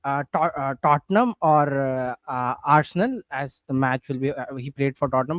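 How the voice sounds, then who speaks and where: A man's voice: mid-range voice, normal speed, a bit bright, dry recording. A young man, chatting casually about football, hesitant and chuckling, with many fillers.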